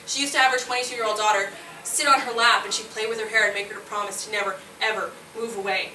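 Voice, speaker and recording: A woman from Nova Scotia, Canada, in her late twenties, telling a brash, animated comic story on stage, often laughing at her own lines and yelling punchlines. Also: medium pitch. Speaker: solo comedy performer. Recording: roomy, distant, noisy live room recording.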